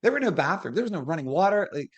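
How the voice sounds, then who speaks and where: A middle-aged woman with a hoarse, lowish voice talks very fast. She's a guest and a former wrestler, telling lively, casual stories and acting out the people she quotes.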